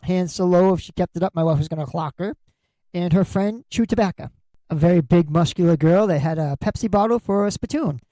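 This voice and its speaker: A middle-aged man rambles through funny stories for his podcast, cursing freely and acting out every quote. His voice is mellow and warm, and it sits dry and close with no room sound. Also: high voice, fairly quick, dry recording, rough recording. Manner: crude, jokey, swears freely, acts out quotes. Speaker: podcast host. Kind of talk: comedic storytelling monologue.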